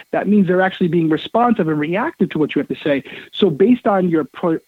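A man's voice: a little high, husky, no room sound. A man in his thirties, a guest on an interview show, talking emphatically and telling stories, heard over a dry phone line. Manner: emphatic, repeats words, lively storyteller. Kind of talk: casual interview talk, storytelling.

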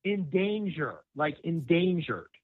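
A man's voice: fairly high pitch, sing-song, no echo. Hesitant man on a tinny phone line. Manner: hesitant, halting with many restarts. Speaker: caller. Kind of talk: call-in conversation.

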